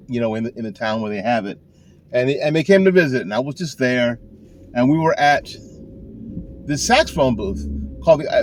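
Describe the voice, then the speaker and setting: A man's voice: medium pitch, background noise. An older man, a saxophone teacher, giving casual, folksy advice in a rambling way with frequent restarts, recorded in a car. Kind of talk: casual talking-to-camera advice.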